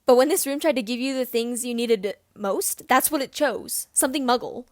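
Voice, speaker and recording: A woman's voice: a little high, normal speed, a little mellow, no echo, clean studio sound, natural voice. A woman voicing a hot-headed, anguished teenage boy in an amateur audiobook reading, heated and pleading.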